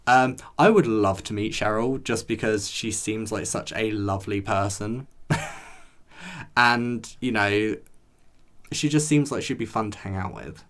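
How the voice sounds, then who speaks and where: A man's voice: fairly low pitch, unhurried, fairly bright tone. A man reviewing a TV episode in a chatty, rambling way, talking straight to his viewers. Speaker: show reviewer. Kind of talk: casual chat to camera.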